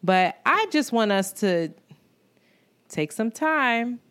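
A woman's voice: on the high side, big pitch swings, slow, fairly bright tone, clear, resonant tone. A woman co-hosting a podcast in casual chat, talking candidly and with plenty of swearing. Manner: candid and profane, with frequent laughs. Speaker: podcast co-host.

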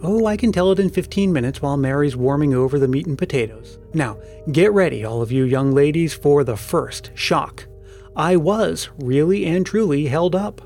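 A man's voice: a little high, animated, normal speed, darkish tone, soft background music. A man voicing a genial, teasing middle-aged father who owns a mine, in a storybook reading. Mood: amused.

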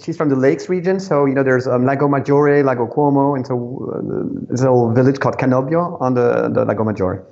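A man's voice: mid-range voice, brisk, gravelly, few pauses, a little mellow. Friendly French-accented man on a dull line. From France, Paris suburbs. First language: English and French. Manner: thoughtful, friendly, many ums. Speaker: guest, company CEO. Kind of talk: casual podcast interview.

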